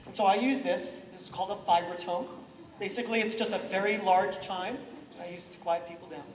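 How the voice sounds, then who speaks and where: Energetic man talking to students, echoey hall. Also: sits high, brisk, recorded from a distance, a crowd in the background. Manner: energetic, gets the audience to repeat lines. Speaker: anti-bullying presenter. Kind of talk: school assembly talk. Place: school hall or classroom.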